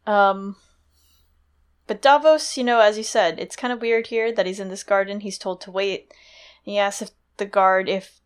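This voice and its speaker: A woman's voice: medium pitch, steady tone, normal speed, smooth. Chatty woman podcaster retelling. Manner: chatty, filler-heavy retelling. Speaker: podcast co-host. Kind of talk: casual chat, retelling a chapter.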